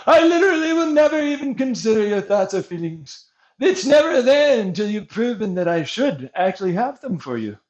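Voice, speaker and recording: A man ranting with profanity over gameplay, swinging between shouted mockery and low mutters. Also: very animated, normal speed.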